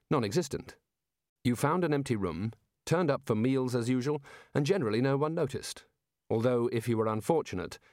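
A man narrating a comic fantasy audiobook with a dry, measured comic delivery. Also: mid-range voice, darkish tone, no room sound. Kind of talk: scripted narration.

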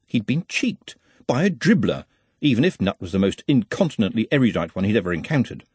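A man reading a fantasy novel aloud as narrator, with an expressive delivery. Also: on the low side, fairly quick, breathy edge, no echo. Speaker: audiobook narrator. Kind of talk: scripted narration.

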